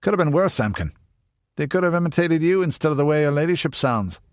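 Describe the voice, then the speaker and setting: A man voicing a big, burly, older ranger, gruff and teasing. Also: on the high side, animated, fast, no room sound, clean studio sound, voice pushed up, close to an everyday voice.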